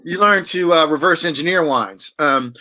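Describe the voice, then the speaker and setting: Bright-voiced man rambling about his past. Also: fairly high pitch, normal speed. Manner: rambling, many restarts and fillers. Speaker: wine auctioneer and guest. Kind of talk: casual interview chat.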